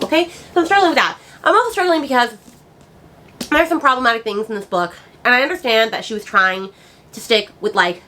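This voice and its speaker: A woman's voice: a little high, pushed and bright, a little hiss or hum. A woman book vlogger chatting casually and ranting with exasperated asides. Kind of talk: casual chat.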